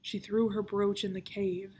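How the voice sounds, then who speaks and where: A woman's voice: mid-range voice, level tone, a little slow, a little mellow, slight background noise, lightly acted. A woman reading aloud, voicing a brooding, fatalistic male pirate captain of about thirty who talks in grim growls.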